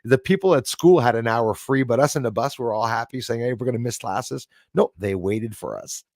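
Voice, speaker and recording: A man's voice: mid-range voice, a little fast, darkish tone, dry recording, clean studio sound. A middle-aged man from Canada hosting a live stream, chatting casually and rambling as he reads viewer comments aloud. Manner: chatty, rambling, laughs often.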